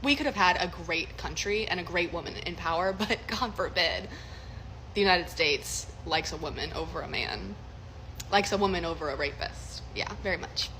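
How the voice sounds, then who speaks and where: A woman's voice: lowish voice, moderate pace, bright, forceful tone, slight background noise, rough recording. A woman chatting casually in a gushing, enthusiastic way. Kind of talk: casual chat to camera.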